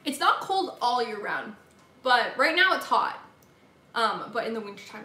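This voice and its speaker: A woman's voice: on the high side, sing-song, moderate pace, sharp tone, echoey room, a little hiss or hum. A young woman hosting a casual live stream from her kitchen, chatting and answering viewer comments. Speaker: livestream host. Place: home kitchen.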